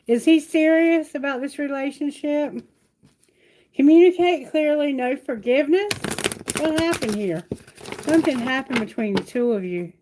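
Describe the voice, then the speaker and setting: A high-pitched woman reads tarot on a live stream from home. She speaks affectionately to viewers and puts her questions aloud to Spirit. The recording carries a clear layer of background noise. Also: moderate pace. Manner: affectionate, reassuring, calls viewers sweetheart and baby; asks questions aloud to Spirit while drawing cards. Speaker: tarot reader. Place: at home, near her bedroom.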